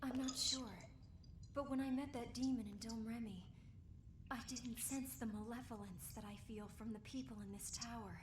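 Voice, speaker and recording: An actress playing a female game character who speaks softly and quietly. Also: a little high, steady tone, normal speed, echoey room, noisy background, close to an everyday voice. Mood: hushed. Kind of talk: game voice acting.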